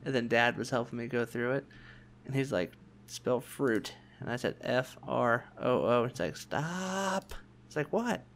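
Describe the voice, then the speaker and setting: Casual podcast guy, chatty, mid-pitched, does little voices when he tells stories. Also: a little fast, creaky, a bit bright. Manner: chatty storyteller, acts out quoted voices. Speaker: podcast co-host. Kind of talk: casual chat.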